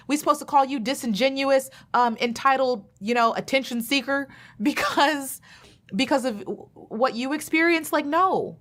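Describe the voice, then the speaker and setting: Sassy woman ranting, kinda high voice, no filter. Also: fairly bright tone. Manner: blunt, sassy and emphatic. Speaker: commentator. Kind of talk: opinionated reaction commentary.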